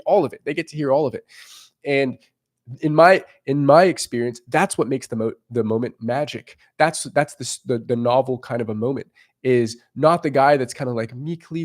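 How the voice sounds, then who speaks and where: A young man coaches in a relaxed, off-the-cuff monologue. He speaks bluntly and swears casually, repeating himself as he works through his points. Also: mid-range voice, fairly quick. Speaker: dating coach.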